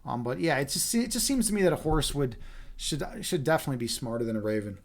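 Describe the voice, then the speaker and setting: A man's voice: mid-range voice, animated, fast talker. A man livestreaming, reading a fairy tale aloud and chatting with viewers in a rambling way, repeating his words.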